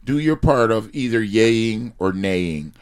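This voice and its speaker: A man guest on a podcast, talking in casual chat with animated, preachy rants that swell loud. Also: on the low side, slow pace, clear, resonant tone. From United States. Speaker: podcast guest, sauce company founder.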